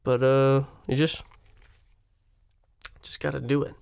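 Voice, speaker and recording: A man's voice: medium pitch, little pitch movement, slow pace, creaky, a little mellow, clean tone, dry recording. A man ranting on camera in a rambling, profane comic monologue, his voice jumping up when he gets worked up. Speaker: vlogger. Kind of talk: profane comedic rant.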